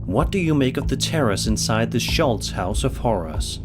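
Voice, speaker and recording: A man reading scripted narration of eerie stories in a measured, even delivery. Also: mid-range voice, over loud music.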